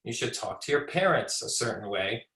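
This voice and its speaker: A man's voice: mid-range voice, lively intonation, normal speed, sharp tone. Conversational man teaching in a roomy space. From United States. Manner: conversational, repeats and restarts words, acts out short examples. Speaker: speech pathologist giving a talk. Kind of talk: informal educational presentation.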